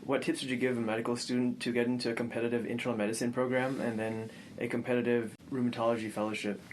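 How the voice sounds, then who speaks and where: A man hosting an interview, asking a specialist steady, evenly paced questions. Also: medium pitch, fast, a little hiss or hum, rough recording.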